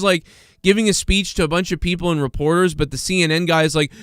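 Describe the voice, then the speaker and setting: This livestream host has a fairly high, quick, resonant voice, captured dry with clean studio quality. Reading chat messages, he mocks and needles them sarcastically, his loose commentary packed with filler words and false starts.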